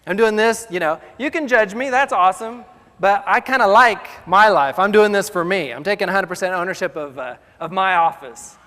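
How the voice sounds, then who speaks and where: A man with a notably high voice delivers a motivational talk in a loose, conversational way. He gets animated and plays out the voices in his head. His words ring out with a long reverb trail. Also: normal speed. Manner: animated, acts out inner voices. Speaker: motivational speaker. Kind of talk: motivational speech.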